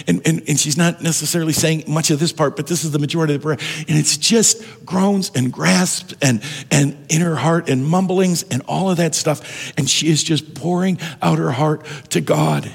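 A man's voice: on the high side, steady tone, normal speed, gravelly, husky. A man preaching a sermon as pastor, talking conversationally and often restarting and repeating words. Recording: long hall reverb.

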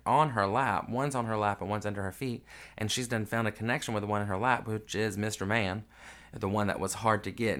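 Low-voiced man telling a story. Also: fairly bright tone. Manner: raw, emotional, unedited, with frequent fillers. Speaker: podcast host. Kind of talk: casual storytelling monologue.

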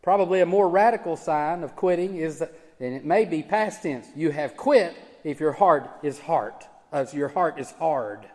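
A man preaching a sermon as pastor, emphatic, swinging from loud urging to hushed low tones. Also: animated, moderate pace. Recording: church hall with long reverb.

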